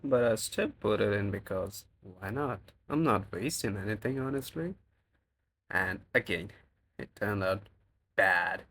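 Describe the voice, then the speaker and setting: A man's voice: lowish voice, animated, a little slow, fairly bright tone, husky. A man with a non-native English accent narrating his own cooking vlog in a chatty, self-mocking way. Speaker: cooking vlogger. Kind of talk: casual vlog voice-over.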